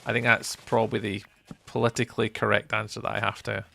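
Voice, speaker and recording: A man's voice: lowish voice, little pitch movement, fast, gravelly, bright, forceful tone, no room sound. A man with a mild Scottish accent, a game streamer chatting casually and replying to his viewers' chat messages. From Scotland.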